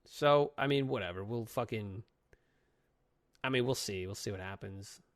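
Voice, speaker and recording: A man's voice: lowish voice, normal speed, no room sound, studio quality. A young man co-hosting a casual comic book podcast. He talks profanely and acts out characters' lines. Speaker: podcast co-host.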